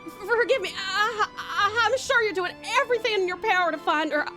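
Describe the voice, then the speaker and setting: A woman's voice: very high-pitched, a little fast, music in the background, voice pushed up. A woman putting on a fluttering Southern belle mother. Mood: distraught. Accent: put-on American Southern. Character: gushing southern belle mother, warm and anxious.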